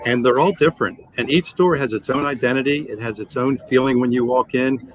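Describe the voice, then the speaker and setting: A man's voice: medium pitch, fairly quick, low-quality recording. Guy in his 60s, car sales trainer, tells stories with lots of acted-out quotes, faint noise behind. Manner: animated anecdotes with acted dialogue. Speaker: guest, automotive sales trainer. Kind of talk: storytelling in a podcast interview.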